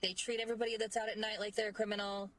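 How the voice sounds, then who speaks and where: A woman's voice: medium pitch, little pitch movement, racing, slight background noise. Chatty woman vlogging in a parking lot. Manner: chatty, many "like" fillers. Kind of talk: casual vlog talk.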